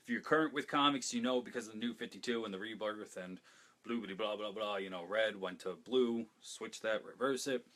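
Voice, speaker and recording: A man's voice: lowish voice, fairly quick, fairly bright tone. A man hosting a casual fan talk show, chatting enthusiastically to the camera with jokey asides and frequent restarts. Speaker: host of a comics talk show.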